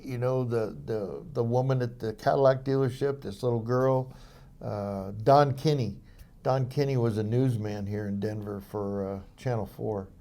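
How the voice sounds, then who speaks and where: A mellow-voiced older man recounts his memories as an interview guest. He talks in loose, rambling sentences, full of fillers and false starts. His storytelling is relaxed and anecdotal. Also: mid-range voice. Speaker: interview guest, former police officer.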